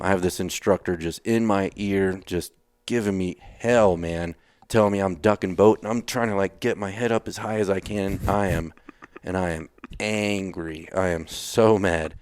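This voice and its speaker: A man's voice: sits low, a little mellow, clean tone, no echo. A man from Texas, a retired Navy SEAL, telling blunt, casual stories as a podcast guest. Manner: blunt, swears casually, acts out his own past lines. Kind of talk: casual storytelling interview.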